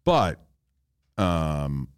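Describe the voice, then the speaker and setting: Comic guest, man, deep low voice, dry close sound, relaxed and reflective. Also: extremely slow, smooth, dry recording. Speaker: podcast guest, stand-up comedian. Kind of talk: casual chat.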